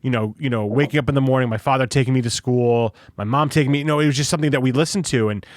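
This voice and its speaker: Male podcast host, casual chat, rambling, mid-pitched voice, dry close sound. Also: racing, dry recording. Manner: swearing, rambling, laughs often.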